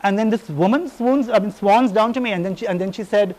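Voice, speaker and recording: Brief: man, high-pitched, delivers a lively, irreverent public lecture full of tangents. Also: fairly quick, rough recording. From India. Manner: animated, irreverent, digressive storytelling.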